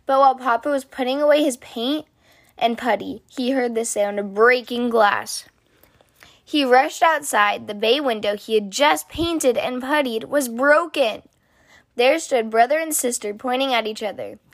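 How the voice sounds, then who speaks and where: A woman reading a children's picture book aloud in an expressive, sing-song storytelling manner. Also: a little high, a little slow, no room sound, clean studio sound. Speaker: storybook reader.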